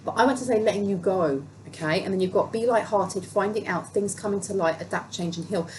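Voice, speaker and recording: A woman with a medium-pitched voice speaks a little fast while giving a casual tarot reading, chatty and emphatic, repeating phrases for stress. The audio is poor, with steady background noise.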